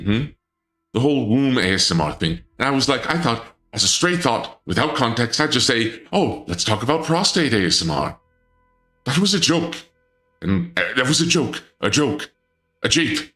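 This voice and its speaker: Playing a dark lord persona on a casual stream, a man sounds flustered and indignant. He stammers and restarts often, breaking into sudden high-pitched outbursts.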